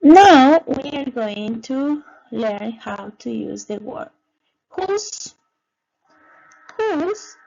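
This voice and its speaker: A woman teaching English in a slow, patient classroom voice, repeating each word and giving the alongside it. Her voice sits fairly high and swings lively up and down, with a gravelly fry at the ends of phrases. The recording sounds dull and lo-fi. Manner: repeats each word slowly, switching between English and Spanish. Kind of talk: slow bilingual classroom lesson.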